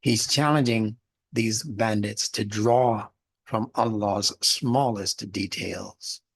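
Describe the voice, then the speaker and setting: A man's voice: lowish voice, takes it slowly, gravelly, husky. A man teaching a religious studies class in a lecture, explaining word meanings and asking the class rhetorical questions.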